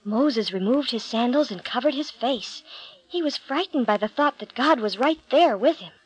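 Calm woman reading a Bible story. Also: fairly high pitch, normal speed, husky, dry recording, poor audio.

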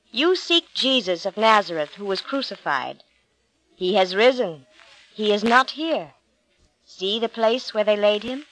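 A woman voicing a gentle young man in a white robe in a storybook reading, speaking softly. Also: a little high, low-quality recording. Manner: gentle, slow.

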